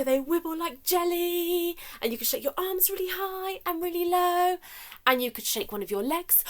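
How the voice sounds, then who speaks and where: Woman, young adult, fairly high voice, children's story time host, animated, sing-song, whispers to shouts. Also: moderate pace.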